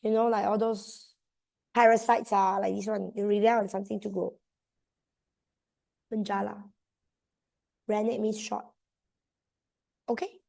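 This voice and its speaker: A woman's voice: medium pitch, flat delivery, unhurried, creaky, long pauses, darkish tone. A young woman with a Malaysian accent tutoring students online, switching between English and Malay as she coaxes them through exam answers. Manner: mixes English with Malay terms, coaxing students. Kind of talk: online exam revision class.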